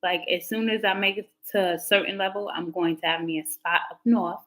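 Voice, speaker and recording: A woman's voice: lowish voice, steady tone, a little fast, fairly bright tone, poor audio. Chatty woman tarot reader on a livestream. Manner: chatty and candid, slangy, talks back to chat comments. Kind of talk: casual livestream chat with viewers.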